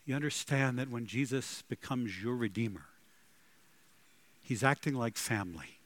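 A man preaching a sermon, telling stories dramatically and swinging between loud and hushed delivery. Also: lowish voice. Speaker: pastor.

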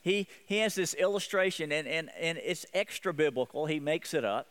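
A man's voice: fairly high pitch, normal speed, a bit bright, smooth. A man preaching a sermon as pastor, earnest, often repeating and restarting his phrases.

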